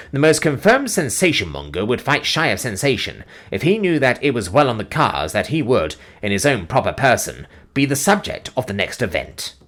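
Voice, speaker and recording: A man giving a dramatic, highly expressive scripted audiobook narration.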